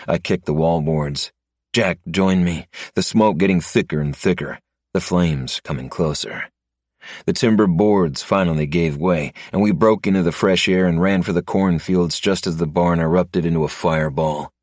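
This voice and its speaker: A man narrating a first-person story in a low, steady manner. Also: normal speed, no echo, clean studio sound. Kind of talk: scripted narration.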